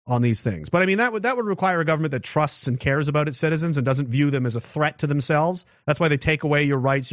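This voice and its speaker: A political commentator delivers a casual, rambling monologue full of restarts and rhetorical questions. His voice is a little high, captured in a dull, dry lo-fi recording with no room sound.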